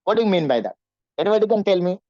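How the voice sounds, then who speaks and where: A man's voice: high voice, very animated, racing, warm tone, no room sound, dull audio. A man teaching in an online class, often asking his students questions. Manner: repetitive, questioning students, acts out nervous voices. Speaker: English teacher.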